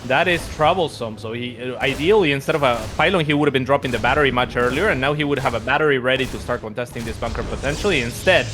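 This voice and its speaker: Male esports color commentator, analytical, friendly, medium pitch, faint music in background. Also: fast, hardly any pauses. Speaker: esports co-caster.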